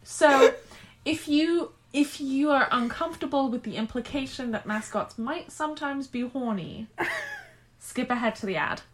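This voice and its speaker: A woman's voice: high-pitched, very animated, measured pace. A woman co-hosting a podcast, chatting casually and reading fan fiction aloud, often breaking into giggles mid-sentence. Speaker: podcast co-host.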